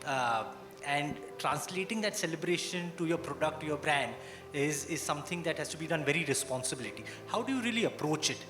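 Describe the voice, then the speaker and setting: A man's voice: a little high, animated, fairly quick, over music. Moderating man in echoey hall. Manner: inquisitive, steering questions. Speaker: panel moderator. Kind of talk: conference panel discussion. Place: conference hall.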